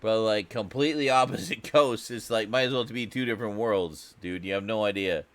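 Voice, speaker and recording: A Canadian man hosts a reaction video, chatting casually and joking as he responds to a clip, rambling and laughing often. His voice is fairly low and a bit bright, and he talks fairly quickly.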